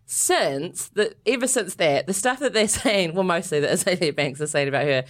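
A woman's voice: lowish voice, moderate pace. A woman co-hosting a podcast, chatting casually and laughing often as she tells a story. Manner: chatty, laughs often, animated when amused. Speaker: podcast co-host. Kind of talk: casual chat.

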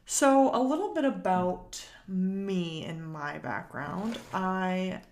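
A woman's voice: on the low side, takes it slowly. A woman in her twenties from Massachusetts, hosting her own podcast in a casual, chatty way, with lots of fillers and casual swearing. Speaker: podcast host. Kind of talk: casual solo podcast chat.

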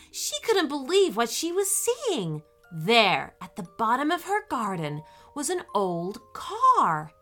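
Animated woman telling children's stories. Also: mid-range voice. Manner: animated, warm storyteller. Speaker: children's story podcast host. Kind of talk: storytelling for children.

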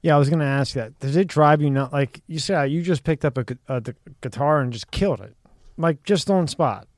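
A man's voice: on the high side, fairly quick, a little mellow, dry recording, studio quality. A man hosting a casual interview, laid-back and profane, laughing along with his guest. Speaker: podcast host.

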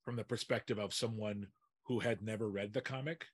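Husky-voiced man explaining thoughtfully. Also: lowish voice, fairly even intonation, fairly quick, no room sound. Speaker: podcast co-host. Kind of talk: casual TV discussion.

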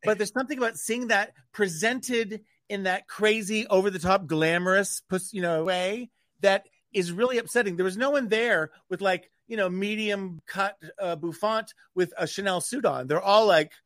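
A man talks in a candid, opinionated way, chatting as a radio guest. His voice sits a little high and the sound is dry and close. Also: moderate pace, hardly any pauses, fairly bright tone, dry recording. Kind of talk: casual chat. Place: radio studio.

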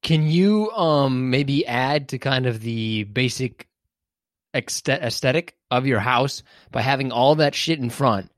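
A man's voice: mid-range voice, lively intonation, takes it slowly, dry recording. Wisecracking man, dry close sound. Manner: teasing, incredulous, wisecracking. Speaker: podcast co-host. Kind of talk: casual podcast banter.

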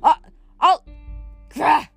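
A brutish, boastful giant, as a woman puts him on while reading aloud, drawls his threats slowly with a growl. Faint music sits far behind the voice. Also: a bit bright. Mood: enraged. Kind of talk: audiobook character voice.

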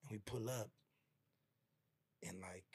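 A man co-hosting a podcast, telling a story in a casual, slangy and heartfelt way, acting out his friends' lines in quick quoted bursts. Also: fairly low pitch, darkish tone, breathy edge. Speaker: podcast co-host.

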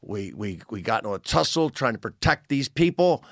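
Lively man telling a story. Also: mid-range voice, a little fast, no room sound, studio quality. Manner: animated storyteller, acts out quotes. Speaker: comedian guest. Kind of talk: casual storytelling chat.

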